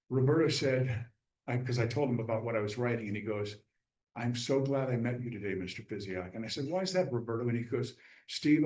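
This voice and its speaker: A man speaking as a guest author at a club meeting. He tells a story with animated energy and acts out what people said. His voice sounds roomy, with a noticeable echo from the room around him. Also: medium pitch. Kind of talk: casual storytelling talk.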